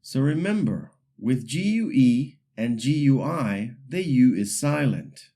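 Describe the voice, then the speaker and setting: Slow, patient male language teacher. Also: medium pitch, animated, mellow. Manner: patient, instructional, slowly modeling example words. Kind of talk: scripted lesson narration.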